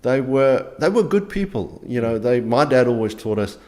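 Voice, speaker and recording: A middle-aged man from South Africa with a South African accent, an interview guest speaking earnestly and haltingly, with frequent restarts. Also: mid-range voice, very animated, darkish tone. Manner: earnest, halting, many restarts and repeated words. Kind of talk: conversational interview.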